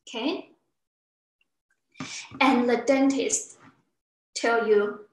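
High-voiced woman teaching slowly. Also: fairly even intonation, reverberant, poor audio. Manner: patient, acts out example sounds with exaggerated pitch. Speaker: Chinese language teacher. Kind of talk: classroom teaching. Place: classroom.

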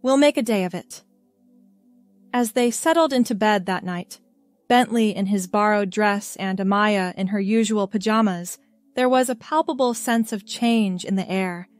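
A woman reading a scripted story aloud in a calm, even storybook manner. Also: mid-range voice, normal speed, no echo, soft background music.

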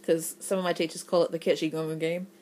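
A woman's voice: sits low, flat delivery, fast talker, darkish tone. A young woman with an Australian accent in her twenties, chatting casually in a rambling vlog with lots of ums and a stuffy, runny nose. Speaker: English teacher vlogger.

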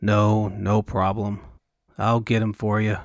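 A man voicing a wary, grumbling male sellsword who mutters his lines low and dry. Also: level tone, slow, no echo.

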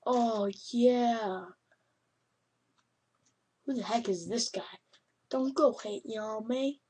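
A woman giving excitable, yelping commentary over a game she is playing. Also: fairly high pitch, slow, husky. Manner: excitable, yelps and laughs at the game. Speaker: gameplay commentator. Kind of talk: let's play commentary.

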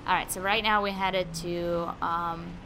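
A woman's voice: fairly low pitch, fairly even intonation, measured pace, sharp tone, slight background noise. A woman hosting a gaming video, chatting casually and talking to the game's characters as she plays. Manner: chatty, talks to game characters. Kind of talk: let's play commentary.

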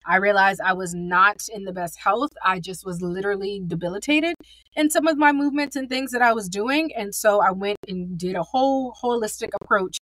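A woman's voice: medium pitch, a little fast, fairly bright tone, no room sound, low-quality recording. Upbeat forty-year-old woman podcast host. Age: 40s. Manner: upbeat, candid, conversational. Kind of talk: solo podcast monologue.

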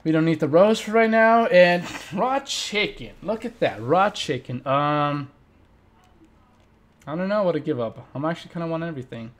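A young man hosting a let's play, chatting with viewers and reacting loudly and playfully to the game. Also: fairly high pitch, lively intonation, moderate pace. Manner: playful, jokes and mock eulogies. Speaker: gaming channel host.

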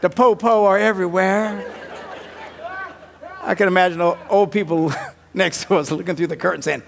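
Man, pastor-comedian, comic sermon, high voice, gravelly rasp, laughs at own jokes. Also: moderate pace, a faint crowd, a little hiss or hum. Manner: animated, swings between mumbled asides and loud punchlines; laughs at his own stories.

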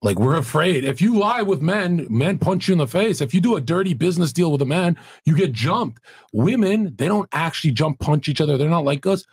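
A man being brash, crude and mocking in loud podcast banter, on a studio mic. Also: on the high side, lively intonation, a little fast, breathy edge. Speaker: podcast guest co-host.

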